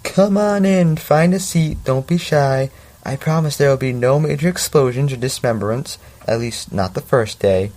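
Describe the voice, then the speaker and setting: A man voicing a small, energetic male science teacher in a put-on Southern drawl, theatrical and grinning. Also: lowish voice, brisk, breathy edge, full character voice. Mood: cheerful.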